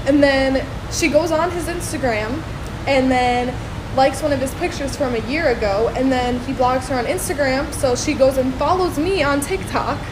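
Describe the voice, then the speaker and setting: A high-voiced woman reels off a story as a list, sounding exasperated. Clear traffic noise runs behind her, as if recorded outdoors near the street. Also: normal speed. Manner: listing, exasperated. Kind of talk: put-a-finger-down storytime.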